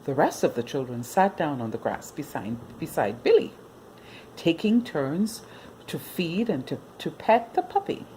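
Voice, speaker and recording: Slow, sing-song woman reading a children's story. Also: sits low, very animated, mellow, slight background noise.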